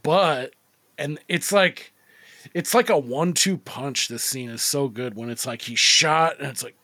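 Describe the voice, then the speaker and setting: A man's voice: mid-range voice, unhurried, pushed and bright, slight background noise. A man co-hosting a movie podcast, talking in a rambling, profane, casual way with lots of fillers. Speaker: podcast co-host. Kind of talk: casual movie-review chat.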